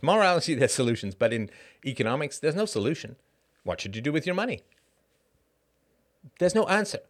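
A middle-aged man hosting a casual solo monologue, animated and rhetorical, with short laughs and frequent asides of "right?". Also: mid-range voice. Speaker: podcast host.

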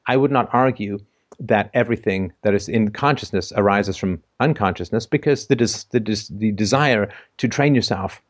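A man hosting a call-in show, talking in a measured, reflective way with frequent fillers. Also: on the low side, no echo, clean studio sound. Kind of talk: casual phone-in discussion.

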